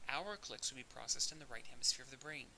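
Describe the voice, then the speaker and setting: Bright-voiced man giving an audio lecture. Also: medium pitch, quick pace, creaky, low-quality recording. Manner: explanatory, with occasional fillers and restarts. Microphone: audio-only recording. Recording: faint hiss.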